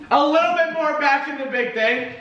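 A young man running a chaotic baking challenge, bossy and loud, swearing and laughing as he calls out instructions in a home kitchen. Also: extremely high pitch, highs cut off. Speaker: vlogger directing a baking challenge. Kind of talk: rowdy casual chat. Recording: echoey room, mic far off, noisy.

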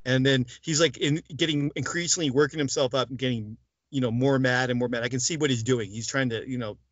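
This interview guest has a steady, mid-range voice that's slightly rough and fairly quick. He recounts events with animation, acting out the dialogue and peppering it with "like" and "I go." There's no echo, just dull, lo-fi dry sound.

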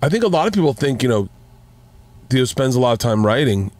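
A man telling stories in casual chat as a podcast guest, animated, restarting sentences and swearing freely. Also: mid-range voice, brisk.

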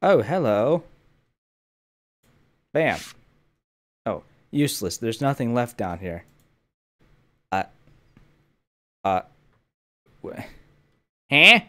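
A man's voice: medium pitch, sing-song, extremely slow, long pauses, bright, forceful tone. A young man hosting a gaming channel, wearing headphones and talking to himself with jokey running commentary as he plays. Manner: jokey running self-talk. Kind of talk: gameplay commentary. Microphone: headphones with mic.

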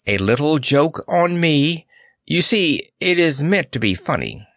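A man's voice: fairly high pitch, very animated, measured pace, a bit bright, no echo, studio quality, pitched above the performer's own voice, heavily acted. A man playing a polite, joking circus clown. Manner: polite, jokey. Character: polite, good-humored male circus clown.

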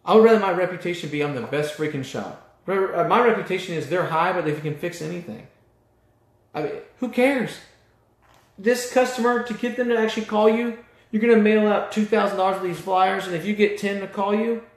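A man's voice: high voice, roomy sound. Fired-up blunt man coaching shop owners. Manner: blunt, passionate, mildly profane. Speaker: auto repair business coach. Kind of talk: fired-up motivational talk.

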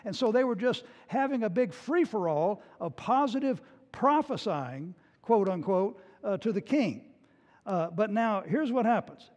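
A male pastor with a high, slightly mellow voice delivers a sermon, retelling a scripture story with animated, unhurried storytelling and sometimes acting out the scenes. A long reverb, like that of a church sanctuary, trails his words.

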